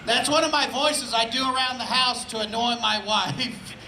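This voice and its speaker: With a very high, sharp voice at a moderate pace, a man from Indianapolis delivers easygoing stand-up at an outdoor festival, repeatedly checking "right?" with the crowd. The poor-quality recording has room echo and a faint hiss or hum.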